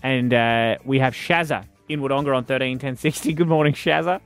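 A man's voice: mid-range voice, fairly quick, a bit bright, smooth, faint music behind. Jokey Australian radio host man. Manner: jokey, playful, does silly voices. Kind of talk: upbeat radio banter. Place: radio studio.

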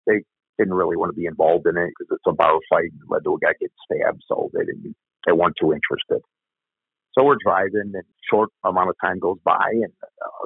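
An older man, a retired police officer, tells a story bluntly in an interview, swearing here and there. His voice is low-pitched with vocal fry and a breathy edge. The line sounds tinny, like a phone, with no room sound.

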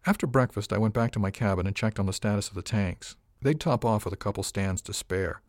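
A man reading a first-person story aloud as an audiobook narrator, in an even, measured way. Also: fairly low pitch, dry recording, studio quality.

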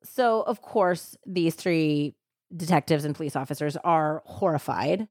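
Woman host on a true crime podcast, kinda low voice, chatty storytelling, close dry mic. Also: measured pace, dry recording. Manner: animated retelling with many "like" fillers. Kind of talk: casual storytelling chat.

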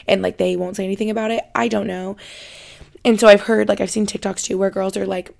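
A young woman hosts her own podcast with a voice full of vocal fry. She tells her story in a loose, chatty way, circling back and correcting herself as she goes. Her pitch sits right in the middle. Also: level tone, quick pace, a little mellow. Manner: chatty, rambling, self-correcting. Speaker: podcast host. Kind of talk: casual storytelling monologue.

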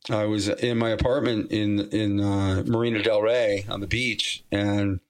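A man's voice: fairly low pitch, level tone, measured pace, clean tone. A man telling stories as a guest on a podcast, rambling with frequent restarts and fillers, and laughing easily. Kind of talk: casual storytelling interview.

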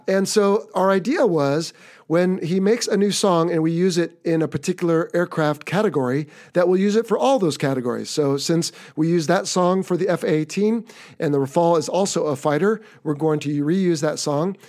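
American guy hosting a podcast, kinda high voice, chatty and upbeat, rambles a bit. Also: moderate pace, a little mellow. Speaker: podcast host. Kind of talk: casual podcast talk.

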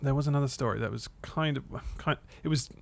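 A man's voice: medium pitch, fast, creaky. A man co-hosting a podcast, rambling in casual chat and trailing off mid-sentence. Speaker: podcast co-host.

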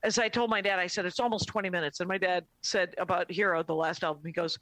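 A woman comedian casually telling a long, animated story on a podcast, often quoting her dad. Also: fairly low pitch, fast, few pauses, no echo. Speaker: comedian guest.

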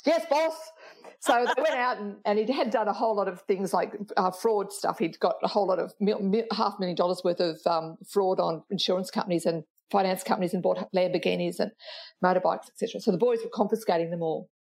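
In a chatty storytelling interview, a retired policewoman shares anecdotes, laughing a lot and starting sentences over. She talks fast in a mid-range voice that is creaky and darkish in tone.

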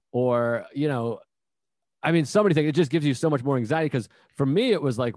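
A man talking candidly in a casual chat, animated and often swearing. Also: mid-range voice, fairly quick, no echo, clean studio sound. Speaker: comedian.

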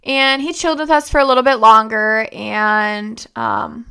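A young woman tells a personal story to camera in a loose, rambling way, circling back and filling pauses as she goes. Her voice is bright and crisp, sitting a little high. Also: steady tone. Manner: rambling and conversational, with many fillers and restarts. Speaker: vlogger.

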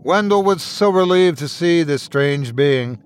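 A male storyteller reads a dark tale in measured, somber narration. His voice sits a little above the usual male pitch. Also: lively intonation, smooth. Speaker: storyteller, podcast host. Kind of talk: scripted horror narration.

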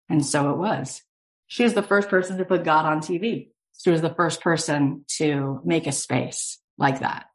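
A woman host and coach telling an inspirational story in an animated way, acting out the quotes. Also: low-pitched, moderate pace.

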